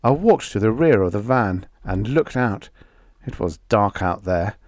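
Slow, expressive male audiobook narrator. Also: on the low side, dry recording. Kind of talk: scripted first-person story narration.

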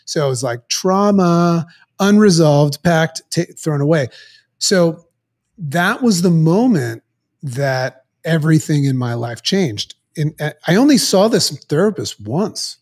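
A man's voice: on the high side, lively intonation, darkish tone. Earnest man telling a personal story. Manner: earnest, halting, with many restarts. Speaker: podcast guest.

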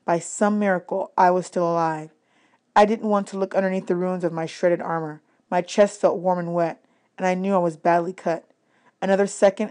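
A woman reading a novel aloud, narrating in a steady, clear storytelling manner. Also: on the low side. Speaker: reader. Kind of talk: audiobook read-aloud narration.

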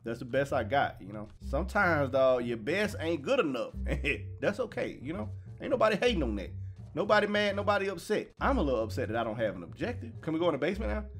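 A young man casually commenting on a horror game, slangy and jokey, yelping when startled and mumbling low when nervous. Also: slight background noise. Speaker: gaming YouTuber. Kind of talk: casual let's-play commentary.

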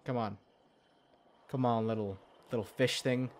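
A man's voice: mid-range voice, steady tone, a little slow, darkish tone, slight background noise. A young man giving profane, rambling gameplay commentary, muttering to himself and yelping in alarm now and then. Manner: swears a lot, mutters to himself, sudden yelps of alarm. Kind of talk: profane let's-play commentary.

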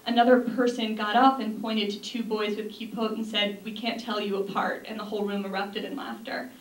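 A woman's voice: mid-range voice, flat delivery, fairly quick. A young woman giving an earnest talk to an audience, with frequent ums and restarts. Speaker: speaker. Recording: echoey room from a distance, faint noise.

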